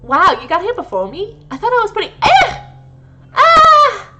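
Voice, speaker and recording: A woman's voice: extremely high pitch, sing-song, quick pace, bright, forceful tone. A woman giving let's-play commentary, laughing a lot, exasperated, and swearing as she plays. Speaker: gaming video creator.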